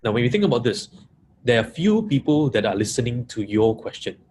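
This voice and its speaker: A man's voice: medium pitch, sing-song, brisk, darkish tone, slight background noise. A man giving a webinar talk to coaches, repeating key points and stressing single words. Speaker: coaching trainer. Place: live audience room.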